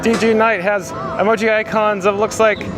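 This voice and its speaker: A man's voice: high-pitched, little pitch movement, normal speed. A man hosting a live vlog outdoors at a theme park, reading viewer comments aloud. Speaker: vlog host. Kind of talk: live-stream chat reading. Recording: loud park music and crowd. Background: loud music and crowd.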